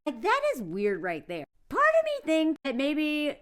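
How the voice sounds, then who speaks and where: A woman's voice: high-pitched, huge pitch swings, measured pace, hardly any pauses. A woman vlogger giving casual commentary, blunt and sarcastic, talking straight to her viewers.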